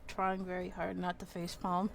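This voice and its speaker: A woman describing her character's actions as a player in a tabletop game, in a deliberate way. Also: lowish voice, completely flat delivery, creaky. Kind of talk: casual tabletop play.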